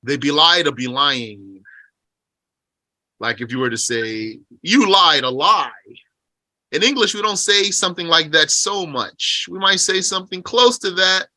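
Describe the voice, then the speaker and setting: A man teaching a religious text. He reads Arabic passages quickly, then explains them slowly in English and asks rhetorical questions along the way. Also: high-pitched, animated, pushed and bright, no room sound. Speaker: teacher explaining a Qur'an commentary.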